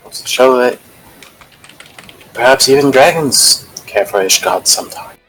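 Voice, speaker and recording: A man playing a character in a tabletop game, with measured, slightly formal phrasing. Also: mid-range voice, lively intonation, a bit bright, faint music behind, low-quality recording. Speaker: player.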